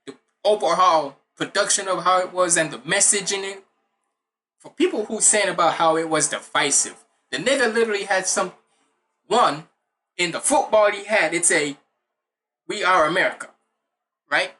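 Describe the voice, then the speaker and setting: A man's voice: high-pitched, normal speed, pushed and bright. A man of Jamaican heritage hosting a music reaction video, giving casual, blunt commentary that veers into rants and swearing. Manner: blunt, ranting, swears freely.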